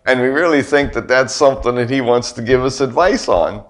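A man's voice: medium pitch, fairly quick. A middle-aged man preaching a sermon in a conversational way, firing rhetorical questions at the congregation and tossing in joking asides. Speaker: pastor.

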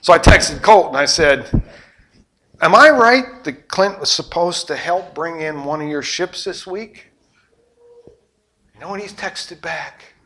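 Animated, bright-voiced middle-aged man preaching. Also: on the high side, measured pace, long pauses, slight background noise. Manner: animated storytelling, swinging from loud to hushed. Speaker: pastor. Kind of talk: sermon.

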